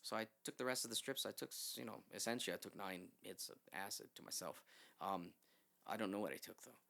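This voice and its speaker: A fast-talking man with a fairly low pitch and vocal fry sits in a podcast studio as a guest. He rambles through a lengthy story in an animated, casual way, swearing often and voicing what others said.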